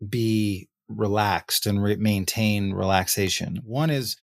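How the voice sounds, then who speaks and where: A man hosting a podcast, telling relaxed anecdotes in casual conversation. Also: fairly low pitch, slow, creaky, no echo, clean studio sound. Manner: relaxed, anecdotal, filler-heavy. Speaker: podcast host.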